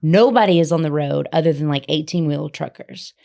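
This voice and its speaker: A woman from Memphis, co-hosting a podcast and telling a long, animated, rambling story. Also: low voice, a little fast, creaky. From Memphis, Tennessee. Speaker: podcast co-host. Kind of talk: casual chat, storytelling. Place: podcast studio.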